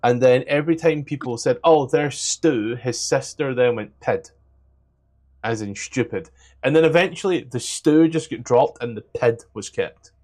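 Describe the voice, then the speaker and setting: A young Scottish man narrating as game master, hushed and peppered with "like.". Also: medium pitch, moderate pace. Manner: hushed, many "like" fillers.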